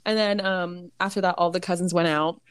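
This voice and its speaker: A woman's voice: on the low side, steady tone, a little fast, clear, resonant tone, no echo. A young woman co-hosting a podcast, telling a family story in a rambling way, full of fillers and laughter. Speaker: podcast co-host. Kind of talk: casual chat.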